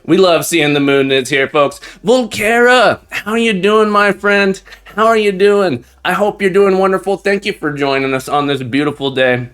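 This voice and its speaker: An upbeat man hosts a casual live stream from a room at home. His voice sits a little high, and he chats warmly with viewers, often repeating his phrases. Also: moderate pace, few pauses, clean tone. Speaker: live-stream host and teacher.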